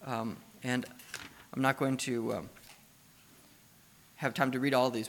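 A man's voice: mid-range voice, little pitch movement, takes it slowly, a little hiss or hum. A middle-aged man, a pastor, preaching a sermon in a conversational way, asking the listeners questions and building to emphatic passages.

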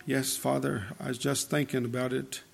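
A man preacher voicing a dying, repentant young man in a sermon story, speaking softly and tenderly. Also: mid-range voice, level tone, normal speed, gravelly, soft background music, voice pushed down. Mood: remorseful.

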